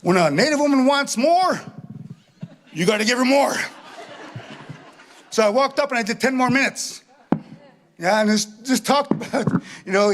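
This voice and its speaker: A middle-aged man from Canada telling a stand-up comedy story on a theatre stage, animated, chuckling as he acts out voices. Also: high-pitched. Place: theatre stage with live audience.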